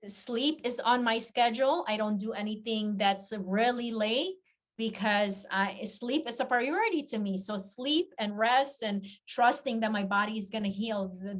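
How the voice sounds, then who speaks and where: A woman confidence coach speaking in a casual podcast interview, earnest, heartfelt and reflective. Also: medium pitch.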